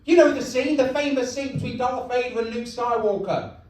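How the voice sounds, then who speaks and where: Young guy doing stand-up, deadpan, kinda high voice, super echoey club, far from mic. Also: brisk. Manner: deadpan, self-mocking. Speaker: stand-up comedian. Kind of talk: stand-up comedy set. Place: comedy club.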